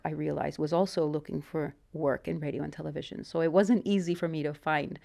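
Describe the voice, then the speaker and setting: A Mexican woman in her forties speaks as an interview guest in a low voice with a gravelly, creaky edge. She tells her life story candidly and reflectively, often stopping and restarting her sentences. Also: a little mellow. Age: 40s.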